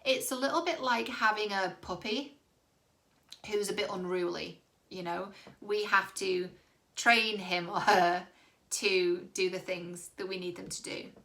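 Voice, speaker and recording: A woman's voice: mid-range voice, steady tone, a little slow, fairly bright tone. A woman dating coach giving direct-to-camera relationship advice, candid and reassuring, with the odd casual swear.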